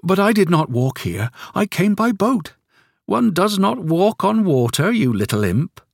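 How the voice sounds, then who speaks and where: A man's voice: sits high, big pitch swings, unhurried, gravelly, no echo, studio quality, pitched above the performer's own voice, full character voice. A man voicing a sweet, merry old grandmother who talks in a lilting, melodious way. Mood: teasing. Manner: lilting, sing-song, pleading.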